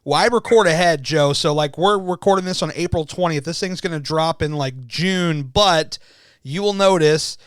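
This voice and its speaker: A man hosting a podcast in casual chat, enthusiastic and quick to laugh, sometimes tripping over his words. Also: on the high side, smooth, dry recording, studio quality. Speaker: podcast host.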